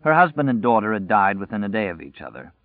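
A man narrating a novel in a measured, even storyteller's voice, pitched a little low. The sound is dead dry. It has a narrow, tinny band like a phone line. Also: dry recording. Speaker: audiobook narrator.

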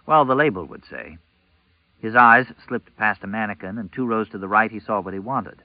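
A man narrating a novel as an audiobook, in a measured, even storytelling manner. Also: lowish voice, no room sound, narrow, tinny audio.

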